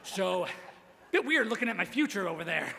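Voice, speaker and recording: Bright high-voiced young man roasting. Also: very animated, brisk, vocal fry. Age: young adult. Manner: crude, self-deprecating jokes with rising shouted punchlines. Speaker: roast speaker. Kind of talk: stand-up roast set. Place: large hall with audience. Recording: live hall recording with reverb.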